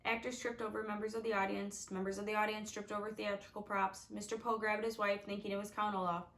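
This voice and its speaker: A woman's voice: mid-range voice, flat delivery, fast, fairly bright tone, rough recording. A woman narrating a storybook with wry, confiding asides to the reader. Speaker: audiobook reader.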